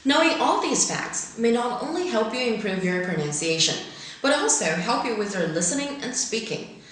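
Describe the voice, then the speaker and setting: A woman presenting an English pronunciation lesson, explaining clearly and reading word pairs carefully, her first language Chinese. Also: on the high side, animated, normal speed, fairly bright tone, a little hiss or hum. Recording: very echoey room.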